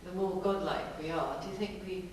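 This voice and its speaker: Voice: mid-range voice, steady tone, brisk. An audience member asking hesitant questions in a group discussion. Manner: hesitant, with fillers. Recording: distant, roomy, noisy hall.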